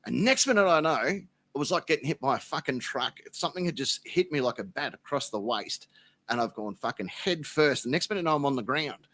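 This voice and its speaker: Bright-voiced Australian man telling stories. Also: on the high side, a little fast. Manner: animated, profane anecdote-telling. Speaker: podcast guest. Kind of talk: casual storytelling.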